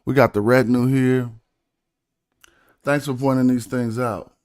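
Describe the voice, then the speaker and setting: A man's voice: medium pitch, fairly even intonation, measured pace, a little mellow, clear, resonant tone, no room sound, clean studio sound. A man streaming casually, chatting. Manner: laid-back slang, breaks down rhymes syllable by syllable. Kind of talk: casual livestream chat about rap and study.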